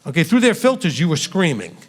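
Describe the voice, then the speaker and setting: A man leading a question-and-answer teaching session, animated and acting out the lines he quotes. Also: fairly high pitch, fast, long reverb tail. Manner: animated, acts out quoted dialogue.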